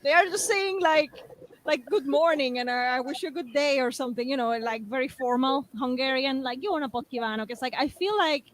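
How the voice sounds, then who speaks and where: High-voiced woman, laughing chatter. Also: a little fast, rough recording. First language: Spanish. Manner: animated, laughing, repeats words as she talks. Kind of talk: casual chat.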